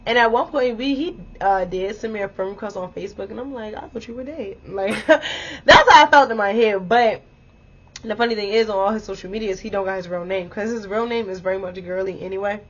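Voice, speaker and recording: A woman in her twenties telling a story in a casual vlog, animated and exclamatory, swearing freely and talking straight to her viewers. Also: mid-range voice, a little fast. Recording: dull lo-fi audio.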